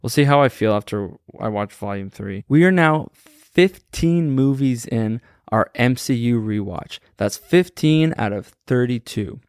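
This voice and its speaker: A man's voice: mid-range voice, expressive, measured pace, clean tone, no echo, clean studio sound. A man hosting a podcast, enthusiastically recapping a film in casual chat and often laughing as he retells scenes. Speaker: podcast host.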